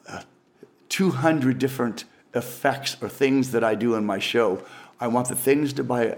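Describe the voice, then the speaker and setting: A man's voice: lowish voice, creaky. An older man, a professional magician, telling stories casually in an interview, rambling with frequent restarts.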